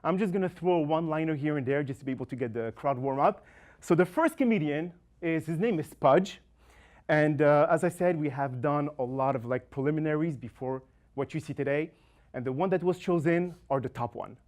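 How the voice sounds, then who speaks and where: Halting, slightly high-voiced male show host. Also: a little mellow. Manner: halting, casual, with fillers and restarts. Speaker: show host and warm-up emcee. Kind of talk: stand-up warm-up and introductions. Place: comedy show stage before a live audience.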